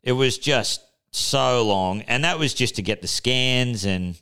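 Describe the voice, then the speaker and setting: A man's voice: medium pitch, unhurried, bright, forceful tone, smooth. A young Australian man telling a story on a podcast in a laid-back, casual way, swearing freely. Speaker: podcast co-host. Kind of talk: casual chat.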